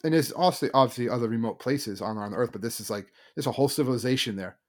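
A man in a casual podcast chat, racing through a story with loose phrasing and plenty of fillers. His pitch sits in a middle range, and he talks at a quick clip. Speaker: podcast co-host.

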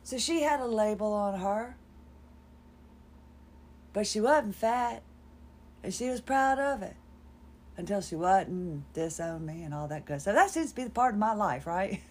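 A woman's voice: mid-range voice, expressive, a little slow, pauses often. A woman, telling a rambling personal story on her podcast in a wry, self-deprecating way. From North Carolina, USA. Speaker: podcast host.

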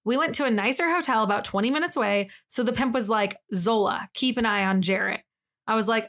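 A woman co-hosting a podcast, retelling a story in casual chat, quoting its people with sudden jumps in pitch and cursing freely. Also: a little fast, a bit bright. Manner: reads a story aloud and quotes its people with sudden high jumps; swears freely and laughs between lines. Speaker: podcast co-host.

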